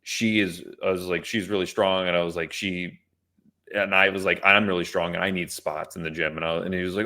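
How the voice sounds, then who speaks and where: A man's voice: low-pitched, flat delivery, fairly quick, bright, forceful tone. A man co-hosting a podcast, telling a story in casual chat with many restarts and fillers. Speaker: podcast co-host.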